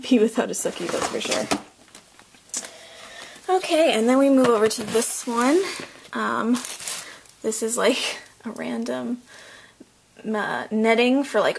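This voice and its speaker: A young woman vlogger gives a casual tour of a home nursery, breathless and chatty, full of ums and likes, trailing off as she moves around. Her voice is on the high side and creaky, with background noise behind it.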